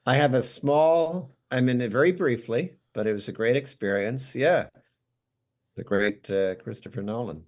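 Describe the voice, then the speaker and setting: Speaking at normal speed with a medium-pitched voice, this American podcast guest keeps the interview relaxed. He spins self-deprecating stories with lots of energy, performing the quoted lines.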